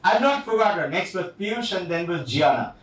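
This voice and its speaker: A man's voice: high-pitched, fairly quick. A man giving a motivational workshop talk to parents, telling stories and acting out dialogue. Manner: animated storytelling, acts out dialogue. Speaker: workshop speaker. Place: school hall. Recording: echoey hall, mic from far off.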